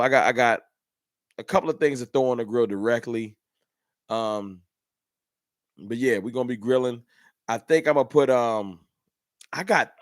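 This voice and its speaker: A relaxed, talkative man hosts a live fan stream, picking up viewer comments and answering them as he goes. His voice sits at an ordinary middle pitch. The sound is dry and close, with no room echo. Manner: laid-back, chatty, reads out and answers viewer comments. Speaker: livestream host. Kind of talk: casual livestream chat.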